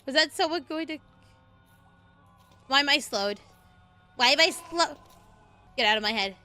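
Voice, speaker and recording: A young adult woman streaming games, chatting and joking, and bursting into loud screams and curses. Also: sits high, animated, unhurried, faint music behind. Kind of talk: livestream gaming commentary.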